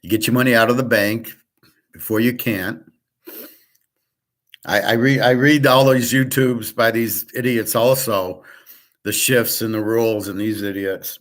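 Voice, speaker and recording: A man's voice: medium pitch, a little slow. A man hosting a casual solo monologue on markets and poker, blunt and profane, rambling with frequent restarts and sarcastic asides. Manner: opinionated, sarcastic. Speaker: host giving market and poker tips.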